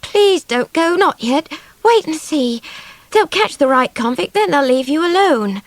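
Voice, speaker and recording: Lady doing a high little girl begging, teary and earnest, lots of lift. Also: sing-song, brisk, dry recording, heavily acted. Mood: pleading. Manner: high, imploring, close to tears. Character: tender-hearted young girl, pleading and earnest.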